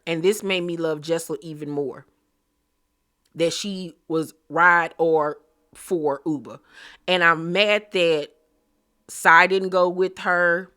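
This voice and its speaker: A woman's voice: on the low side, fairly bright tone. A woman recapping a reality TV episode in a casual, dramatic, opinionated way, repeating words for emphasis.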